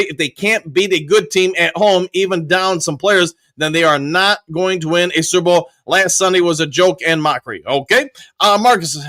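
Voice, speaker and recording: A man's voice: sits high, sharp tone, dry recording. A male host on a live sports stream, upbeat, reading viewer comments aloud and greeting viewers by name. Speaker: show host.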